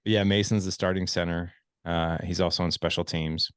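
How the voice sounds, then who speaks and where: A man's voice: deep voice, steady tone, normal speed, a bit bright, clear, resonant tone, no room sound, clean studio sound. A man in his forties hosting a podcast conversation, talking in an earnest, reflective way and often restarting or repeating words as he thinks. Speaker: podcast host.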